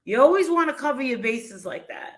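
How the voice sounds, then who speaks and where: A woman talking in a casual vlog, animated and pointed. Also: sits high, fairly quick, background noise.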